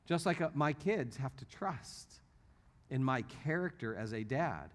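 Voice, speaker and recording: A man's voice: medium pitch, a little slow. A middle-aged man giving an apologetics teaching talk in a church, telling stories and acting out the people he quotes. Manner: animated storytelling, acts out quotes. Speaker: apologetics speaker.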